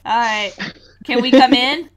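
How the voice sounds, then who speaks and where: A woman playing in a tabletop game, brisk and quick to speak up for her character. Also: fairly high pitch, a little hiss or hum. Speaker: player. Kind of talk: tabletop role-play chat.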